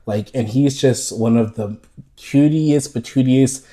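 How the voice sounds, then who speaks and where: A man from the United States co-hosting a podcast, telling stories in a lively, profane, laughing way. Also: medium pitch, measured pace. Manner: animated, profane, laughing storyteller. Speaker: podcast co-host. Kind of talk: casual chat.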